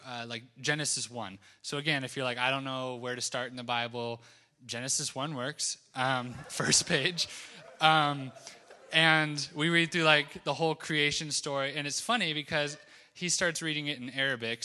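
A man's voice: mid-range voice, steady tone, moderate pace, pushed and bright. A young man casually telling a mission-trip testimony, rambling with lots of fillers and laughing at his own story.

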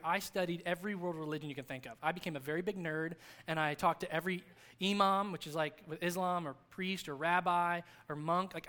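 A male pastor in his thirties with a notably high voice, delivering a sermon at church. His preaching is conversational yet earnest, and he leans on repetition to drive points home. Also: fairly bright tone. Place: church service.

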